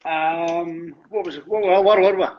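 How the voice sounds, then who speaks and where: A Scottish man hosting a casual interview over a live video call. He keeps things moving with short, relaxed prompts and calls his guest "mate". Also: on the high side, moderate pace, background noise. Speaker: interviewer host. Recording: distant, dull call audio.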